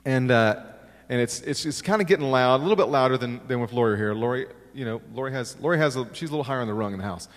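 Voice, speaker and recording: A man's voice: medium pitch, fast. A middle-aged man preaching a sermon, telling stories with self-deprecating humor and acting out the quotes. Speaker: pastor. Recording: long reverb of a large hall.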